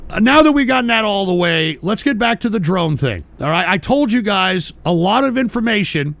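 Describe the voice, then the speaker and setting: His voice sits high and sounds expressive, moving fairly quickly with no echo. This live-stream talk show host rambles through chat messages, curses at trolls in exasperation, and keeps restarting or yelling out outbursts.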